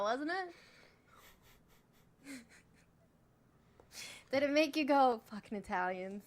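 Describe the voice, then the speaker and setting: A woman's voice: high-pitched, expressive, takes it slowly, long pauses. A woman moderating a live stream in casual chat, joking, bossy and swearing freely as she urges viewers on.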